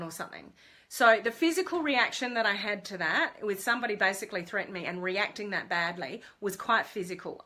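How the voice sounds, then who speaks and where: Bright-voiced woman telling a story live. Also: medium pitch. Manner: animated storytelling, chatty with many fillers. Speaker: business mentor. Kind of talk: casual Facebook Live talk.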